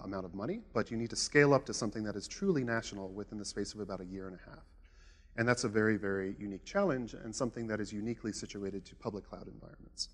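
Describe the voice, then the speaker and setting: A man giving a conference talk in a relaxed, conversational way with frequent "uh" fillers, recorded with a presenter mic in a conference hall. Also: lowish voice. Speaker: conference speaker.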